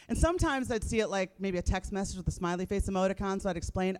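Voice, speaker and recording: A woman's voice: medium pitch, animated, fast, hardly any pauses, a little mellow. A woman in her thirties performing a live stand-up comedy set, blunt and profane, landing wry punchlines. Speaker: stand-up comic. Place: live comedy stage before an audience.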